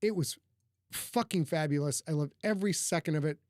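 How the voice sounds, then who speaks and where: A man tells stories on his podcast in a loose, profane and animated way. He swears often and plays out each scene for his co-host. The sound is dry and close, with no room echo. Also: on the high side, brisk. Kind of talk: casual storytelling chat.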